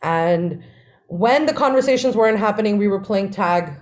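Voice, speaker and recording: Woman, podcast co-host, casual storytelling, animated, laughs a lot, mid pitch. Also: normal speed.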